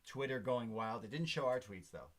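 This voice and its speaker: A man's voice: mid-range voice, lively intonation, normal speed, a bit bright. A man co-hosting a podcast, casually recapping a wrestling show with jokes and frequent fillers. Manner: joking, recaps with lots of fillers. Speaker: podcast co-host. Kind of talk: casual wrestling review chat.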